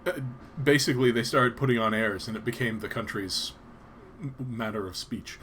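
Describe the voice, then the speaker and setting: A man from Canada talks loosely to his live-stream viewers, voice sitting at an ordinary middle pitch. He wanders from thought to thought, often stopping to hesitate or restart a sentence. Faint noise hums behind him. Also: normal speed, bright, forceful tone. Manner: rambling, hesitant, lots of ums and restarts. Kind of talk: casual live-stream chat.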